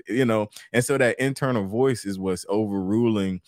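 A man's voice: fairly low pitch, normal speed, darkish tone, dry recording, clean studio sound. A man co-hosting a podcast, chatting in a laid-back, casual way and saying "man" a lot. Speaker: podcast co-host.

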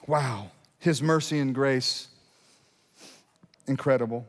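A man's voice: a little high, brisk, big-room sound. A male pastor preaching a sermon in a conversational style, asking rhetorical questions and building to emphatic peaks.

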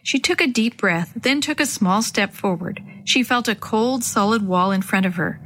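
A gentle woman storyteller reading a children's chapter book aloud. She speaks clearly and warmly to young listeners, with a steady storybook delivery. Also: mid-range voice, moderate pace, a little hiss or hum.

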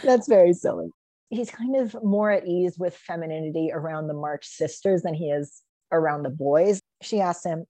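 Woman podcaster, low mellow voice, dry close sound, eager and laughing, acts out quotes. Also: moderate pace, no room sound. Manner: enthusiastic, laughing often, acting out quotes. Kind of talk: casual podcast discussion.

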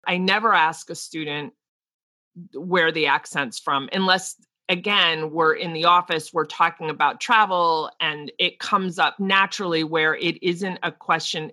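A woman's voice: lowish voice, no echo. A woman in her forties with a New Jersey accent, a teacher talking casually and thinking aloud. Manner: animated, thinks aloud with restarts. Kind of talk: casual discussion.

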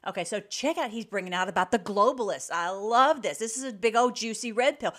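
A woman hosting an online show, giving emphatic, rapid-fire political commentary between video clips. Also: mid-range voice, a bit bright.

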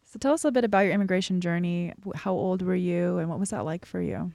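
A woman's voice: on the low side, fast, vocal fry, a little mellow, no echo, clean studio sound. A woman hosting a podcast, reading a scripted introduction and then interviewing her guest attentively. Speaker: podcast host.

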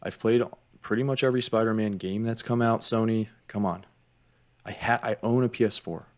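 A man's voice: fairly low pitch, steady tone, fairly quick. A man co-hosting a casual podcast, easygoing and agreeable, getting hyped about films. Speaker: podcast co-host. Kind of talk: casual chat.

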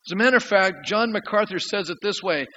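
A pastor delivers his sermon with earnest, storytelling emphasis, his voice rising sharply and then dropping low. He speaks with a fairly high pitch for a man. The recording is somewhat muffled, with a faint hiss underneath. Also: fast, sharp tone.

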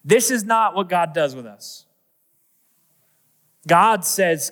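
A man's voice: sits high, lively intonation, slow pace, long pauses, a bit bright. A man preaching a sermon as pastor, with an earnest, repetitive cadence that builds through his lines. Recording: long echoey hall reverb.

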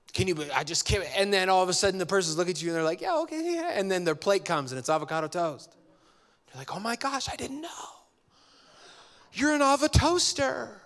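A man preaching a sermon, his voice sitting a little higher than most men's. He talks in a relaxed, conversational way. He acts out everyday exchanges to make his points. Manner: conversational and animated, jokes and acts out dialogue. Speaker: pastor.

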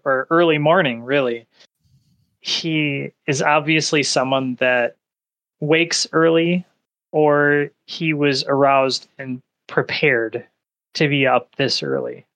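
A man serves as game master for a tabletop game, describing scenes in a relaxed, unhurried way. His voice is mid-range and a bit bright.

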